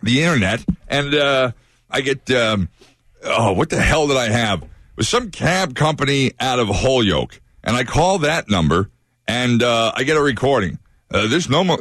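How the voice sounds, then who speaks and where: A man's voice: mid-range voice, normal speed, no echo, clean studio sound. A man hosting a morning radio show, telling a story with energy and acting out what each person said. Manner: animated storyteller who acts out quoted voices.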